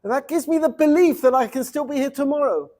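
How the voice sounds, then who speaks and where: A middle-aged man, a rabbi, giving an informal lecture to students, lively and repetitive, dropping Hebrew words into his English. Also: extremely high pitch, fast talker. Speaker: rabbi teaching a seminary class. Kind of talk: informal Torah lecture with storytelling.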